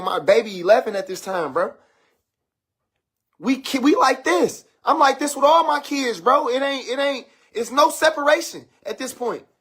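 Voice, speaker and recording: A man's voice: very high-pitched, fairly bright tone, husky. A father telling his own story in casual, blunt street slang, acting out quoted talk with his daughter, played from a video. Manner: blunt street slang, addresses listeners as bro.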